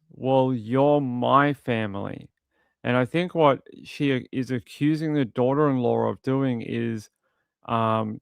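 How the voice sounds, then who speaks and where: A man casually commenting on a crime video, with animated, mocking retellings of what people said. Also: mid-range voice, creaky, clear, resonant tone, dry recording.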